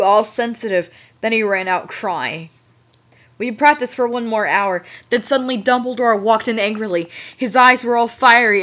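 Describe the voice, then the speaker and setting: A woman's voice: fairly high pitch, a bit bright. A young woman reading a badly written story aloud with incredulous, giggly, exasperated commentary. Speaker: host, fanfiction reader. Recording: muffled lo-fi audio.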